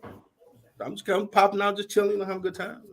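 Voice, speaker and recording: A man hosting a casual panel chat, telling a story in slangy, animated speech and acting out what people said. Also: high-pitched, a little fast, creaky, slight background noise. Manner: storytelling, animated, slangy, acts out quoted voices. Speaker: host.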